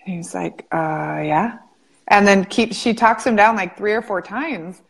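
A woman hosting an interview, telling stories in an animated way and often saying "like". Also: medium pitch, measured pace, vocal fry. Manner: animated storyteller, frequent "like". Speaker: interview host, practice coach. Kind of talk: casual interview chat.

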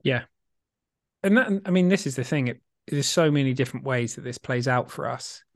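Animated man explaining on a podcast. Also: mid-range voice, normal speed, no echo, studio quality. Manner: animated, emphatic, casually swearing. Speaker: podcast co-host. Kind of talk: casual explanatory chat.

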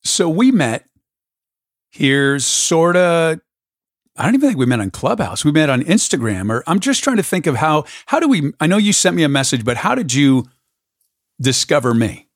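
A podcast host tells a story in a casual, enthusiastic conversation, his fairly high voice very animated at a moderate pace. The recording is dry with clean studio sound.

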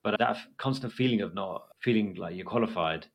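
Husky fast-talking man. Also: fairly low pitch. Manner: candid storytelling, quick and rambling. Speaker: doctor. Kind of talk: casual podcast chat.

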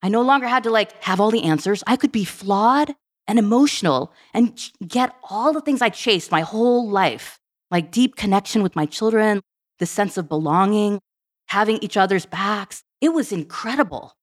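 A woman guest on a podcast, telling stories in a casual, animated way and acting out bits of dialogue. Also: mid-range voice. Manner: animated, quick, acts out dialogue. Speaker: podcast guest, tech program director. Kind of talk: casual storytelling.

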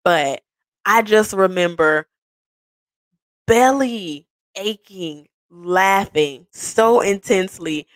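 A young woman hosting a podcast, telling a personal story in a casual, animated way, swearing freely and breaking into high, excited bursts and laughter. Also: slow, dry recording. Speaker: podcast host.

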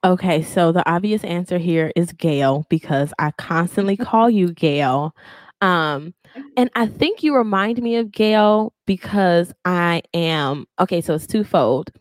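A woman's voice: lowish voice, measured pace, dry recording. A woman co-hosting a casual podcast, talking expressively. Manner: expressive, animated storytelling. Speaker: podcast co-host. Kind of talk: casual chat.

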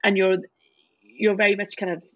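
A woman's voice: medium pitch, flat delivery, normal speed, dry recording, lo-fi sound. A woman doctor co-hosting a casual podcast chat, talking loosely with lots of fillers and hedges. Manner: chatty, hedging with many fillers.

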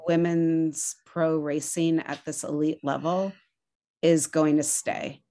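Low, flat-voiced woman executive. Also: slow pace. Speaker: executive director. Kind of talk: interview answers.

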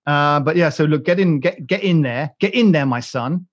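A man's voice: a little high, moderate pace, lo-fi sound. A British man hosting a podcast, chatting casually in a rambling, joking way with many restarts and fillers. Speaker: podcast host. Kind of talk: casual chat.

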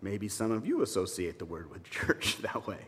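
A man's voice: on the low side, sing-song, moderate pace, a bit bright, slight background noise. A man preaching a sermon as a minister, conversational and emphatic, with wry asides to his congregation. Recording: reverberant hall sound.

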